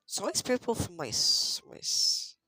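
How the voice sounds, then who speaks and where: Gravelly-voiced streamer muttering through a game. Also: mid-range voice, very animated, moderate pace, sharp tone. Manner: chatty, mutters item names in sing-song repeats. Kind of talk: casual gameplay commentary.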